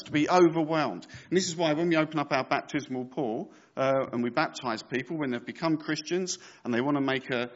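Pastor preaching, dull lo-fi sound. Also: male voice, a little high, fairly bright tone. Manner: conversational, joking asides while reading scripture. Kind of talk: sermon.

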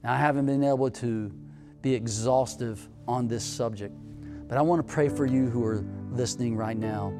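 A man preaching a sermon, telling personal stories, moving from hushed, intimate passages to loud, excited ones. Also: mid-range voice, normal speed, in a large hall, music in the background. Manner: storytelling, swings from hushed to loud.

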